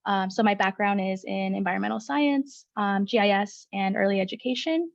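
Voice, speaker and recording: A woman's voice: mid-range voice, moderate pace, vocal fry, no room sound, muffled recording. A woman education coordinator presenting casually on a video call, with many filler ums.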